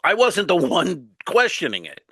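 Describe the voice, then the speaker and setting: Male comedy podcast co-host, animated storyteller, bright and lively, dry close mic. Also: sits high, normal speed, breathy edge, no echo. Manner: animated storyteller acting out other people's lines. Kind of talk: casual storytelling chat.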